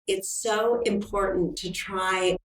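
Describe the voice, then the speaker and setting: A woman's voice: medium pitch, fairly even intonation, slow. A middle-aged woman talking earnestly and reflectively in a casual interview. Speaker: film producer guest. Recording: roomy, distant mic.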